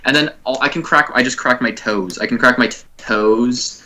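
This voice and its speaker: A young man co-hosting a comedy podcast in a casual chat. He tells loose, rambling stories, swears a lot and leans on filler words, at an ordinary middle pitch. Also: normal speed, pushed and bright. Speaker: podcast co-host.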